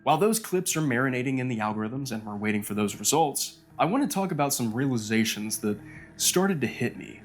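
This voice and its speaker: A man's voice: medium pitch, expressive, a little fast, soft background music. A man narrating a documentary, sardonic and critical. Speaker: video narrator.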